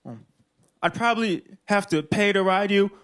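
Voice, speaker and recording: A man in his thirties from Illinois, answering questions on a comedy club stage in a slow, hesitant, deadpan way full of fillers. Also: sits high. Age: 30s. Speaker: comedian being interviewed. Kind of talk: slow halting comedy chat.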